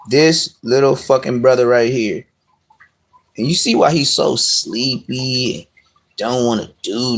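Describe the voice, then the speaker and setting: A man's voice: medium pitch, a bit bright. A man talking loosely into his phone on a live stream from home. He wanders from point to point in slang-heavy, profane everyday speech. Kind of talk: casual live-stream chat.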